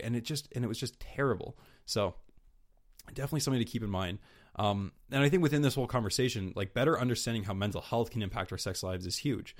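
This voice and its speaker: A man's voice: mid-range voice, quick pace. A young man hosting a solo podcast, talking candidly and rambling with lots of fillers and restarts, swearing casually. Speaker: podcast host.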